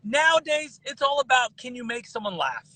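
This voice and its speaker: A man in his thirties guesting on a podcast, talking in an animated way with lots of restarts and repeated words. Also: very high-pitched, normal speed, dry recording, rough recording. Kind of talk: casual podcast chat.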